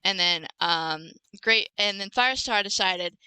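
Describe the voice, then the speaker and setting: A woman's voice: mid-range voice, measured pace, sharp tone, clean tone, dry recording, poor audio. A young woman hosting a podcast, recapping a book in a rambling, self-correcting casual chat. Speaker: podcast host.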